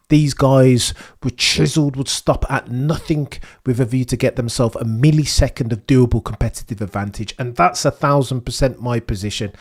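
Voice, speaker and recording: A man's voice: medium pitch, darkish tone. A middle-aged man hosting a motorsport news show, giving theatrical, indignant commentary and talking straight at the people he criticizes. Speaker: F1 news host. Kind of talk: opinionated commentary on a clip.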